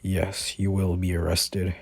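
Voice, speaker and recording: A man voicing a calm, older male hero leader in a fan-made spoken story, reading the quoted lines in a plain, slow, husky voice. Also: deep voice, no echo, exaggerated voice.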